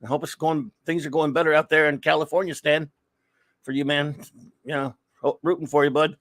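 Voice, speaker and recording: Man, podcast host, casual live chat, slightly high voice, dry recording, friendly and rambling. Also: fairly even intonation, a little fast, no echo. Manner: chummy, rambling shout-outs to chat viewers.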